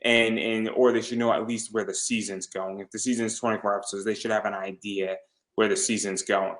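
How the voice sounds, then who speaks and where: A man's voice: fairly low pitch, little pitch movement, fairly quick, fairly bright tone. A man hosting an interview who stammers and repeats words while talking enthusiastically. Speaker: podcast host. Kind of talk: casual interview chat.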